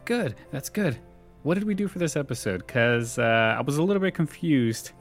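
A man's voice: fairly high pitch, expressive, normal speed, faint music behind. A man co-hosting a casual podcast, rambling and self-deprecating. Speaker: podcast co-host. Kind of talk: casual chat.

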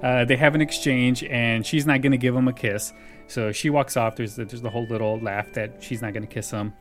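A man talks casually, recapping a sitcom episode with frequent laughter in his voice. His pitch sits in an ordinary middle range. Faint music plays under the conversation. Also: fairly even intonation, fairly quick, a bit bright. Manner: laughs often while retelling scenes. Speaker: podcast host recapping a sitcom. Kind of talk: casual chat.

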